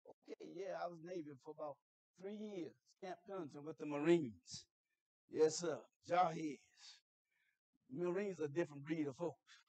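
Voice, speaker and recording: A middle-aged man preaching in a church as a guest chaplain, telling stories conversationally, asking the congregation questions, and building up to shouted preaching. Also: fairly high pitch, no room sound. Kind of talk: sermon.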